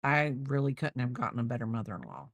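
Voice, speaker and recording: A middle-aged woman hosts a crochet channel, chatting casually with viewers while she crochets and answering them, often trailing off mid-sentence. Her voice is very deep with big pitch swings and a fast pace, recorded dry with no echo and a lo-fi sound.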